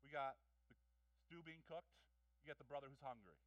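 A male pastor preaching in a church, telling stories in an animated way with jokes and acted-out voices. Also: mid-range voice, a little fast, no echo, recorded from a distance, dull audio. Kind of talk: sermon. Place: church hall.

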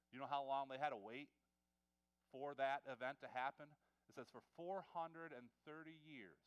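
A man preaching a conversational sermon, often repeating words and swinging between loud stresses and quiet asides. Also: medium pitch, clear, resonant tone.

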